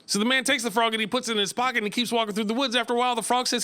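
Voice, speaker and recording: A man's voice: very high voice, fairly even intonation, racing, few pauses, pushed and bright, clean tone. A man in his fifties from Northern California doing loose, profane live stand-up comedy in a small club, chuckling at his own jokes. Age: 50s.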